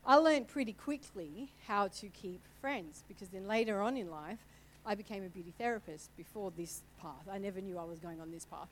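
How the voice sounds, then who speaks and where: A middle-aged woman with Italian family roots shares her testimony from a church stage, talking a little fast in a mid-range voice. She's candid, conversational and sometimes emotional, and the poor audio carries slight background noise.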